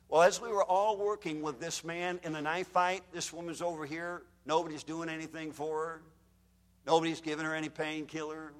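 A man preaching a fire-and-brimstone sermon, telling dramatic stories and shouting out the screams he quotes. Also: fairly high pitch, in a large hall.

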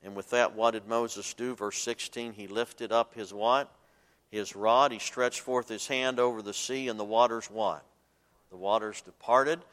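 A man preaching a sermon, swinging between loud emphatic bursts and soft asides, and asking his listeners to fill in the words. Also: fairly low pitch, fairly even intonation, unhurried. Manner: asks the congregation fill-in questions. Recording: long hall reverb.

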